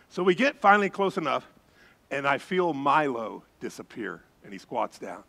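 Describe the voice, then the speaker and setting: A male pastor preaching a sermon, telling a story with lively turns and hushed, suspenseful drops. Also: mid-range voice, moderate pace, vocal fry.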